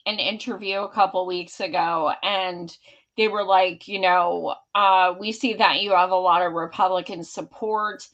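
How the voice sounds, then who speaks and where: A woman's voice: medium pitch, a bit bright, highs cut off. A woman hosting a podcast, talking politics in a blunt, heated, profane way. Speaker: podcast host. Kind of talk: casual political chat.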